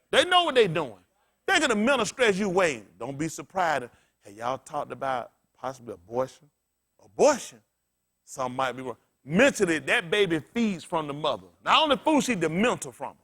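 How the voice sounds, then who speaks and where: A man's voice: a little high, a bit bright. A man pastor delivering an impassioned sermon in colloquial, conversational preaching talk that builds into emphatic outbursts. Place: congregation gathering.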